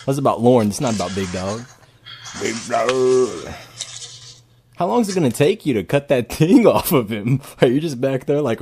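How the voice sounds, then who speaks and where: A man's voice: mid-range voice, animated, normal speed, a little mellow, breathy edge. A man streaming casual reaction commentary, cracking crude jokes and laughing often.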